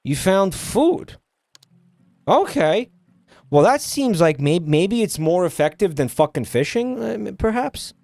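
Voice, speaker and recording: A man's voice: high voice, sing-song, unhurried, vocal fry, a little mellow, no room sound, soft background music. A man streaming and ranting at his chat, exasperated and swearing often. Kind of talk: casual stream rant.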